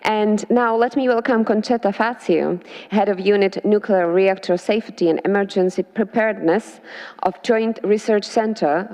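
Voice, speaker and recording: A woman moderating a conference, briskly praising a speaker and introducing the next one. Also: medium pitch, darkish tone. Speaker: forum moderator. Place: large conference hall. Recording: echoey hall with audience.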